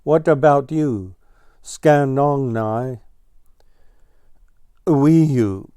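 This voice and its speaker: A man's voice: medium pitch, extremely slow, mellow, clear, resonant tone, no room sound, clean studio sound, voice pushed up. A man voicing a fussy, easily exasperated ground squirrel in a storybook, correcting and emphatic. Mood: friendly.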